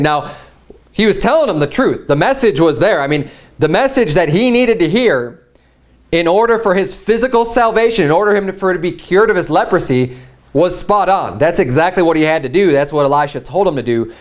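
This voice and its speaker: A man with a fairly high speaking voice preaches a sermon with animated energy. He reads scripture aloud and briefly acts out the people in the story as he goes. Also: fairly quick. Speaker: pastor.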